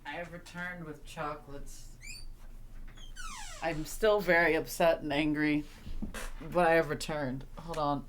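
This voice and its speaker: A woman's voice: deep voice, steady tone, measured pace, pauses often, a little hiss or hum. A young woman streaming a visual novel, reading lines and reacting with sarcastic, exasperated, sweary commentary. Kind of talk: casual let's-play commentary.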